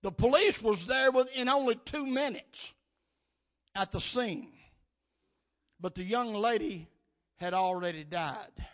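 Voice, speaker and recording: Preacher guy, high bright voice, slow drawn-out delivery, shouts amen then goes soft. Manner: preaching with rising bursts and calls of amen. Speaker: pastor. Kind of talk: sermon.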